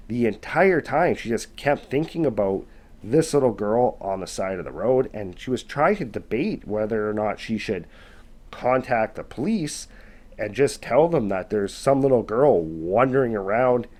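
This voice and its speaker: A man's voice: medium pitch, a little mellow. Male storyteller, mid-range voice, conversational scary-story narration, loose and unpolished. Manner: loose, conversational, with many fillers like "kind of" and "basically". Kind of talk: casual retelling of a scary story.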